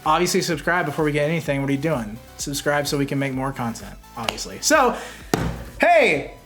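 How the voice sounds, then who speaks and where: A young man co-hosting a casual comics show, joking and rambling in quick asides. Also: fairly high pitch, sing-song, fairly bright tone, soft background music. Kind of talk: casual chat.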